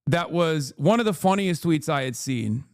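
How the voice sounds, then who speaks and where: Guy streamer ranting, lots of swearing, keeps going okay?, kinda high voice, dry close sound. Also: expressive, moderate pace, no room sound. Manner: profane, emphatic, keeps asking "okay?". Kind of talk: casual commentary rant.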